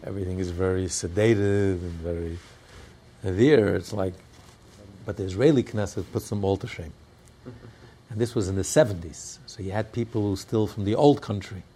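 A low-voiced man leads a religious class, his voice gravelly and husky. He tells stories in a lively teaching way, now and then bursting into shouts and laughs. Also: moderate pace. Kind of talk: animated Torah class with storytelling.

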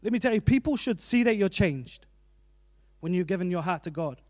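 A man delivers an earnest, conversational sermon, speaking in a fairly high register. His delivery is plain and personal, with asides from his own life. The sound is dry and close, with no room echo. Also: animated, brisk, a little mellow. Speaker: preacher.

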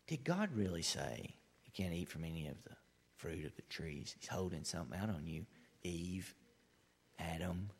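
A man preaching, dropping his voice low and quiet to play a sly serpent who coaxes and insinuates. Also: expressive, normal speed, creaky, husky, exaggerated voice. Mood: coaxing. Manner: hushed, insinuating, sinking to a whisper. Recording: long hall reverb.

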